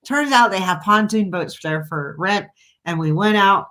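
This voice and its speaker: A woman hosting a podcast in casual chat, telling stories in an animated, self-mocking way. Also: medium pitch, moderate pace. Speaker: podcast host.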